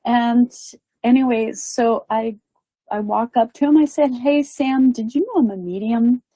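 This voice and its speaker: A woman tells a story at an easy, rambling pace, full of "um"s and little acted-out quotes. Her voice is dark and mellow. The recording is dry and close, with no room sound. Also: on the high side, normal speed, no echo, poor audio. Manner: chatty, many fillers and quoted voices. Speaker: medium telling a story. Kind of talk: casual storytelling.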